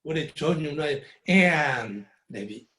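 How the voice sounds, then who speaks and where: A man's voice: fairly high pitch, lively intonation, slow, a bit bright. A man with a Ghanaian accent teaching a music lesson, patiently repeating words syllable by syllable. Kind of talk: classroom lesson mixing Twi and English. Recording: echoey room.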